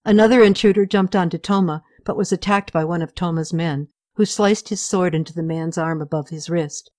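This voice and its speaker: A woman reading a novel aloud, in steady, measured scripted narration. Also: fairly low pitch. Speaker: audiobook reader.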